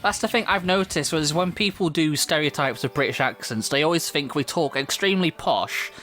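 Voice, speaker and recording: A man's voice: a little high, brisk, pushed and bright. A man with a Manchester accent casually commenting on a video game he plays, chatty and laughing often, at a desk microphone. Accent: Mancunian. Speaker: let's play host.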